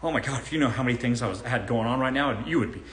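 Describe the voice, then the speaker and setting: A boastful broke young man , as a man puts him on, gushes about all he has going on in a breathless, self-important rush. He speaks lower than the performer's own voice and fast. The sound is roomy and echoey. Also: a bit bright, lightly acted. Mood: bragging.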